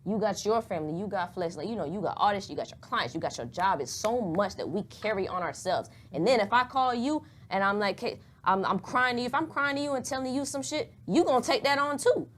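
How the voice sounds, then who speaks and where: A woman's voice: mid-range voice, expressive, brisk, hardly any pauses, slight background noise. A young woman, talking candidly and at rambling length in a casual podcast chat, swearing freely. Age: young adult.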